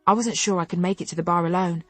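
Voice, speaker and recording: A woman narrating a contemporary novel in first person, telling it in an expressive, wry way on a close studio mic. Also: fairly low pitch, fast, no room sound, soft background music. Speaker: audiobook narrator.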